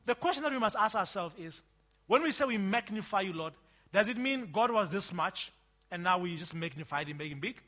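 Animated, high-voiced male preacher. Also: fairly quick. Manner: emphatic, swings from loud outbursts to quiet asides. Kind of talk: sermon.

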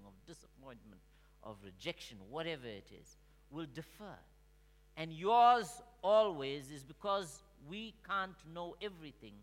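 Preacher man, slow deliberate sermon, sharp bright voice, big echoey church hall. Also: on the high side. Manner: call-and-response with the congregation; slow, emphatic delivery swinging from soft to shouting. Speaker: pastor. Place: church sanctuary. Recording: long reverb of a large hall.

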